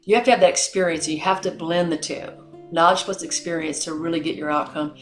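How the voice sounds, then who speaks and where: Middle-aged woman podcast host, lowish voice, acts out convos, roomy echo, faint music. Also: fast talker. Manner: animated storyteller, acts out dialogue. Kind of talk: conversational interview.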